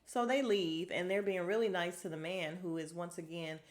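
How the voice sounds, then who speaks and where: A woman's voice: lowish voice, steady tone, normal speed. A woman recapping a reality show on her podcast in a chatty, exasperated way, acting out the cast's lines. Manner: chatty and exasperated, acts out cast members' lines. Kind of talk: casual solo recap.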